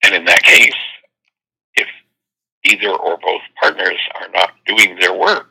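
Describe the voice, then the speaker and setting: A man hosting a spiritual talk show with call-ins, teaching and telling stories, with animated quoted voices. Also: sits low, measured pace, vocal fry, long pauses, breathy edge, rough recording. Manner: storytelling, animated quoting voices. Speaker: host and workshop teacher.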